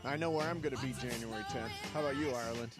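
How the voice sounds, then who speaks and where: A man's voice: medium pitch, racing, over loud music. A male sports radio co-host with an upbeat, playful, teasing way of talking.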